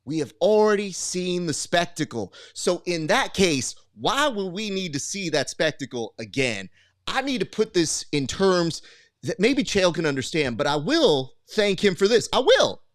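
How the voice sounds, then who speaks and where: A man's voice: high-pitched, big pitch swings, unhurried, no echo, studio quality. A man putting on the boastful voice of a trash-talking fight figure, taunting and mocking on a podcast. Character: gravelly brash male fight promoter doing trash talk. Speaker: host.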